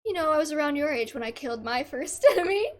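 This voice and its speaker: A woman's voice: high-pitched, expressive, fast talker, slight background noise. A woman voicing a proud, ruthless noble mother in a game scene, speaking in a regal, indulgent way.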